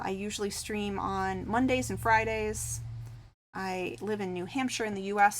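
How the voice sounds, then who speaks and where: A woman streamer chatting casually with her live viewers, rambling and full of fillers, reading comments aloud and answering them. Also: medium pitch. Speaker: craft streamer.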